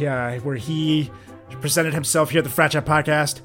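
A man's voice: on the high side, fairly even intonation, moderate pace, a bit bright, soft background music. A man co-hosting a comedy podcast, joking sarcastically and mock-seriously. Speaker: podcast co-host. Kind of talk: casual comedic banter.

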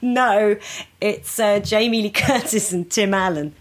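A woman's voice: medium pitch, a little slow. A woman, a comedian, chatting as a podcast guest and laughing often. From United Kingdom. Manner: laughs often, breaks into comic voices of film characters. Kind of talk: casual podcast chat. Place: remote, across the ocean from the hosts.

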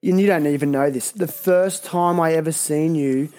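A man with an Australian accent hosting a casual interview, telling a story in a relaxed, halting way. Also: fairly high pitch. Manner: relaxed storytelling, hesitant fillers. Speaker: host.

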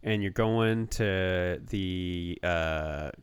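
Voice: sits low, extremely slow, smooth, dry recording. A podcast co-host chatting casually from a basement, laid-back with dry humor. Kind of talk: casual chat.

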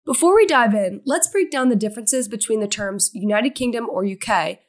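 A woman's voice: a little high, expressive, normal speed. A woman news correspondent narrating a scripted explainer in a breezy, chatty way, with faint music behind her.

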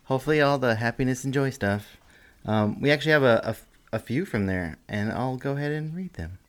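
A man's voice: mid-range voice, expressive, fairly quick, smooth. Laid-back, giggly male co-host. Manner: laid-back, giggly, reads messages aloud. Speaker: podcast co-host. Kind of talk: casual podcast banter.

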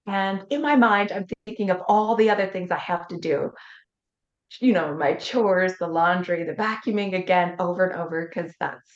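A woman's voice: on the low side, normal speed. A woman, a coach and interview guest, telling a personal story earnestly and acting out the voices she quotes. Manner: earnest, vivid retelling that acts out quoted voices. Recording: roomy, slightly dull sound.

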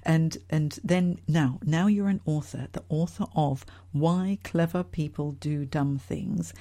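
Podcast host lady from singapore, chatty and lively, mellow voice. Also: low voice, slow pace. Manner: chatty, expressive. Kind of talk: podcast interview.

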